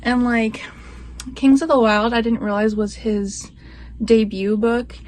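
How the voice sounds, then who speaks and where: A woman's voice: a little high, steady tone, slow pace, darkish tone. A young woman talking casually at home, gushing about books with lots of "like" fillers. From Florida, USA. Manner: chatty, gushing, many "like" fillers, baby-talks to her pet. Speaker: book vlogger. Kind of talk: casual book review chat.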